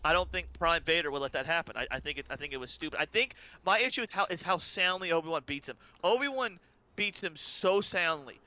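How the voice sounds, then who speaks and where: Brief: male co-host, smooth and very bright voice, halting but stubborn. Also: a little high, lively intonation. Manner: hesitant, restarts often, stubborn. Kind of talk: casual debate.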